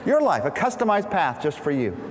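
A man's voice: on the high side, big pitch swings, fairly quick, a little hiss or hum. A middle-aged man preaching a conversational sermon, leading his congregation through Bible verses. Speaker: pastor. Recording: long hall reverb.

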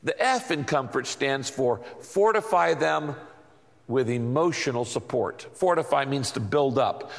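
A male pastor giving a sermon. He uses an emphatic, repetitive teaching rhythm and keeps asking rhetorical questions. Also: medium pitch. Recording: long hall reverb.

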